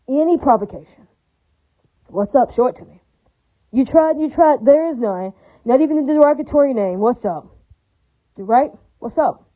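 A woman's voice: high-pitched, warm tone. A woman delivering a rambling religious rant. She talks in a repetitive, profane and preachy way. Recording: tinny phone-like audio.

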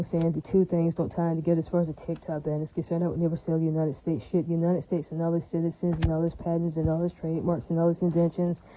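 A woman's voice: on the low side, warm tone, low-quality recording. A woman delivering a rambling, emphatic and profane monologue, repeating herself often.

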